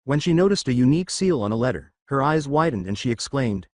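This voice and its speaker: A man narrating a fan fiction story with an expressive reading. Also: mid-range voice, fast talker, no room sound, clean studio sound.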